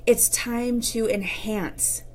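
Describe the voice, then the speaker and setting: A woman's voice: on the high side, steady tone, takes it slowly, darkish tone, slight background noise. A woman in her thirties, a relationship coach talking candidly to viewers on a live stream. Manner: chatty and candid, addresses viewers directly.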